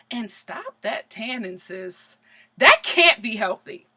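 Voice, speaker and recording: Sassy high-voiced woman doing a comedic recap. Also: slow pace, very noisy. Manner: sassy, animated, laughs often, repeats punchlines. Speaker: vlogger reviewing a reality show.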